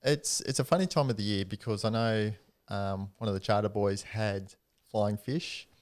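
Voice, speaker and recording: Low-voiced Australian man telling fishing stories. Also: fairly even intonation, normal speed. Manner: laughs often, tells stories with restarts. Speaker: podcast guest, angler. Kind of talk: casual chat. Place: studio.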